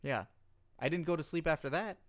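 A podcast co-host in casual comedic chat, excitable and playful, swearing freely. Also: mid-range voice, fairly quick.

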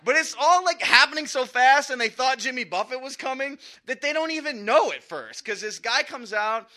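Bright high-voiced man telling a stand-up story. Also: animated, moderate pace. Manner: conversational, profane, chuckles through his own story. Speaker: stand-up comedian.

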